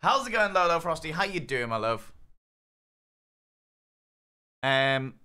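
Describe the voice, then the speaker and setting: A man's voice: on the high side, very animated, moderate pace, bright, forceful tone, clean tone. A young man streaming a video game, bantering playfully and swearing freely as he chats to his viewers. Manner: playful, cheeky, profane banter with chat. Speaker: gaming streamer. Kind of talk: casual live-stream commentary.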